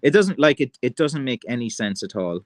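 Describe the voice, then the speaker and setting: A man with an Irish accent hosting a livestream, ranting in a rambling, excitable way, full of "like" and "you know" and calling people "man" and "lads". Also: medium pitch, brisk, dry recording. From Ireland. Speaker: livestream host. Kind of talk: casual rant on a livestream.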